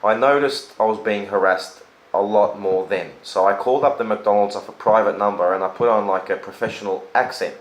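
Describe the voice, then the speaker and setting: A man's voice: fairly low pitch, brisk, echoey room, low-quality recording. A man, talking earnestly and telling a story in a casual conversation. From Australia. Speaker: host. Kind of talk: casual chat.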